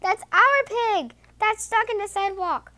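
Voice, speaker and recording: A woman's voice: very high voice, sing-song, measured pace, sharp tone, exaggerated voice. A woman voicing a fussy, tidy, middle-aged farmer's wife who speaks primly and exclaims.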